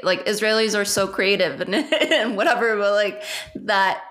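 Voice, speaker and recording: A woman's voice: mid-range voice, lively intonation, moderate pace, fairly bright tone. Rambling young woman, swearing casually. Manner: rambling, heavy filler "like", frequent swearing and laughs. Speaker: podcast co-host. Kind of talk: casual chat.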